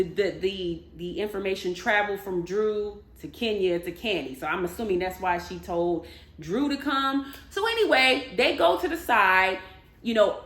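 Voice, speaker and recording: A woman recapping a reality show in a casual, animated, chatty way, with emphatic storytelling. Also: mid-range voice. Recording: echoey room.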